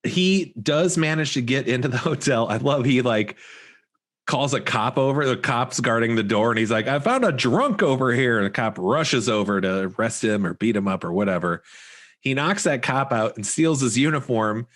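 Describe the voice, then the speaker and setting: A man co-hosting a podcast, recapping a film in relaxed casual chat with many fillers. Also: medium pitch, normal speed. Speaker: podcast co-host.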